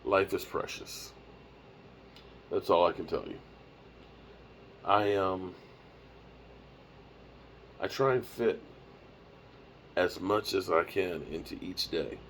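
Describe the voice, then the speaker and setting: With a deep, fairly bright voice, a man in his fifties speaks slowly with long pauses, tired and yawning as he rambles on a live stream. He's on the road using a mobile setup of a microphone and small mixer, and there's a faint hiss or hum.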